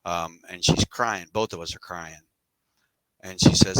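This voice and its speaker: Low-voiced middle-aged man, candid storyteller. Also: fairly even intonation, unhurried, a bit bright, clear, resonant tone, no room sound, poor audio. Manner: candid, rambling, casual slang. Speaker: podcast guest. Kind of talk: casual storytelling interview.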